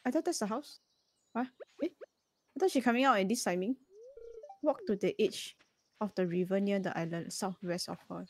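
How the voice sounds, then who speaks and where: A young woman guesting on a gaming stream, chatting excitedly and reacting quickly as she plays. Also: mid-range voice, slight background noise. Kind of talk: casual gaming chat.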